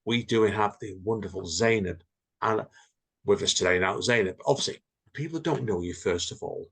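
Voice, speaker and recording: A man's voice: fairly low pitch, moderate pace, creaky, fairly bright tone, slightly rough. A tired man hosting a podcast in a loose, rambling casual chat, laughing often. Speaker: podcast host.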